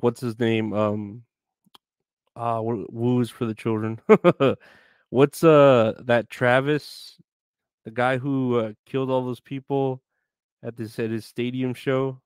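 Smooth-voiced man rambling on a live stream. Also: mid-range voice, no echo, clean studio sound. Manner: rambling, joking, breaks into sung snippets.

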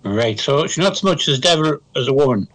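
A man's voice: medium pitch, lively intonation, a little fast, fairly bright tone, soft background music. Dry, sarcastic man playing a tabletop game. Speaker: player. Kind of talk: in-character tabletop play.

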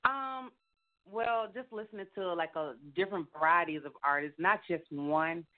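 A woman's voice: fairly low pitch, normal speed. A woman rapper and singer, answering interview questions casually with many fillers. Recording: tinny phone line.

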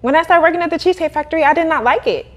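A young adult woman, a podcast guest who runs a cleaning business, telling her story in a casual, animated way with frequent laughter. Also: extremely high pitch, very fast. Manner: animated, laughing, acts out quoted voices.

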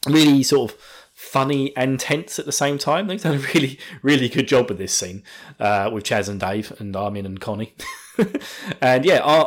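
Man, podcast host, jokey chat, laughs a lot, lively up-and-down voice, very close mic. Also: medium pitch. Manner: jokey, laughs often, puts on silly voices. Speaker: podcast host recapping an anime episode. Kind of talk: casual chat. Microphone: too close to the mic.

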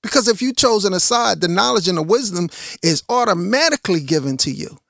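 A man's voice: sits high, expressive, brisk, gravelly, fairly bright tone, no echo, studio quality. A middle-aged man, preaching a confrontational, repetitive monologue as a religious podcast host.

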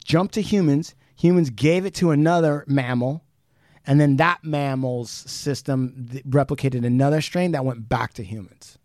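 Animated swearing man on a podcast. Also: mid-range voice, no room sound, studio quality. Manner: animated retelling, swears freely, many restarts. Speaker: podcast co-host. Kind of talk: casual podcast chat.

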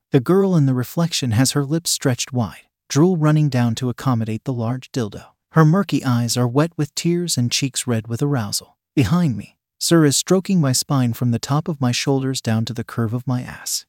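A man narrating a first-person erotic story in a steady, unhurried reading voice. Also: medium pitch, dry recording, studio quality.

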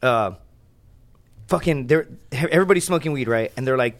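Guest storyteller, man, rapid-fire, profane, mid pitch. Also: animated. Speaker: guest, reality show contestant. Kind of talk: casual podcast chat.

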